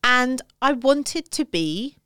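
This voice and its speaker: A woman's voice: high-pitched, animated, slow pace, sharp tone, clean tone, dry recording, studio quality. A woman co-hosting a casual chat podcast, telling stories in a wry, teasing way. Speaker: podcast co-host.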